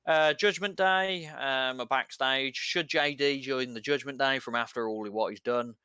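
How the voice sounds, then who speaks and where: A man's voice: mid-range voice, a little slow, sharp tone, clean tone, dry recording. A man co-hosting a podcast, casually recapping events in a rambling play-by-play with lots of filler words. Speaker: podcast co-host.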